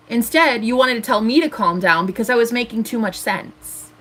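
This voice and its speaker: A woman's voice: on the high side, lively intonation, normal speed, fairly bright tone. Brief: woman, 30s, tarot streamer, heated defiant rant to chat. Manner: angry, ranting, defiant. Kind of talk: live stream monologue.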